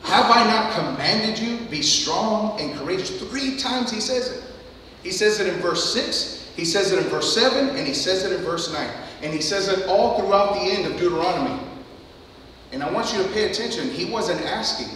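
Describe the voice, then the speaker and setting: A man preaching a sermon as pastor, building fervently to loud climaxes, recorded from far off in a church hall. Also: high-pitched, lively intonation, moderate pace, slight background noise. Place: church sanctuary.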